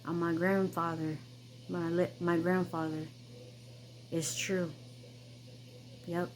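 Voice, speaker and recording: A woman's voice: lowish voice, little pitch movement, takes it slowly, a little hiss or hum, poor audio. A woman hosting her own channel, telling a personal story in an emphatic, insistent way, with many repeats and restarts. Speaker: vlogger, channel host.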